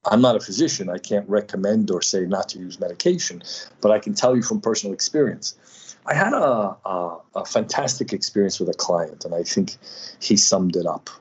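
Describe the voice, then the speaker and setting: A man speaking as a guest healer, telling personal stories in a halting way with many fillers and restarts. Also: on the low side, slightly rough. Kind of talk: personal storytelling in conversation. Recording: slightly dull lo-fi audio.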